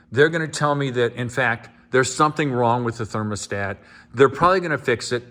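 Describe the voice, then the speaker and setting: A man speaking at an ordinary middle pitch. He talks in a deadpan, mock-sincere way, laying the sarcasm on thick as he addresses viewers in a one-man vlog. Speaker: homeowner vlogger. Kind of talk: sarcastic monologue to camera.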